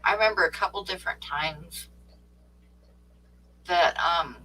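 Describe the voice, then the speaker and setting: A man co-hosting a stream, chatting casually and telling relaxed family anecdotes. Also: on the high side, unhurried, distant mic, slight background noise, low-quality recording. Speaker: co-host. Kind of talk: casual chat.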